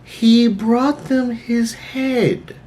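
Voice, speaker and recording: A man's voice: very high voice, fairly even intonation, drawn-out words, a little mellow, a little hiss or hum. Man reacting with blunt interjections. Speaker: reaction host. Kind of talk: casual reaction commentary.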